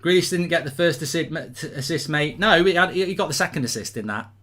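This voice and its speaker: A middle-aged man from England hosting a live football watchalong, talking excitedly and breaking into chants and songs. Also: fairly high pitch, fairly quick. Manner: exuberant, chanting and singing between rants. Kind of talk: excited live match reaction.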